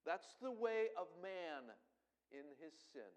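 A middle-aged man preaching a sermon, animated, swinging between loud emphasis and soft asides. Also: high voice, slow, poor audio. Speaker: pastor.

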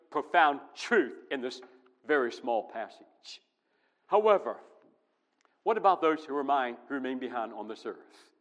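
A male pastor preaching with emphatic force, his voice ringing in a long hall reverb. He swings from loud, driving passages to hushed, low ones. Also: highs cut off. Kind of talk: sermon.

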